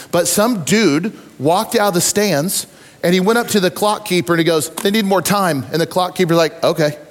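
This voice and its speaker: A man preaching a sermon, telling stories with lively acted-out voices and asides to the congregation. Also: fairly high pitch, long reverb tail. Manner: animated storytelling with acted-out voices. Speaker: pastor.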